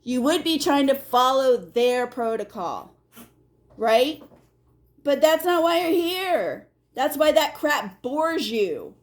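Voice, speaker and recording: A woman's voice: high-pitched, slow. Emphatic woman giving a casual tarot reading. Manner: animated, emphatic, repeats "okay?" to the viewer; blunt and salty, talks straight to the viewer. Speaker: tarot reader.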